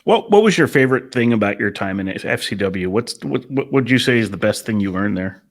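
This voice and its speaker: A male podcast host with a somewhat low voice, asking his guest questions with open curiosity. He often stumbles and restarts a question before landing on it, talking into a podcast mic. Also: animated, a little fast. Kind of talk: interview questions.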